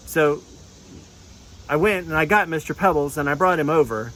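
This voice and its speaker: A man telling a children's sermon with puppets, in a gentle storytelling manner. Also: a little high, moderate pace, long pauses, a little hiss or hum, low-quality recording. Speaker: clergy giving children's sermon.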